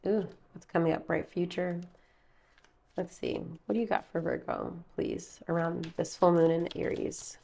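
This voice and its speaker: Tarot reader, woman, casual and rambling, slightly low voice, talks to viewers from home. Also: fairly even intonation, moderate pace, vocal fry, dark tone. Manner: chatty, rambling, calls viewers babe and baby. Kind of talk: casual tarot reading to camera. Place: her room at home.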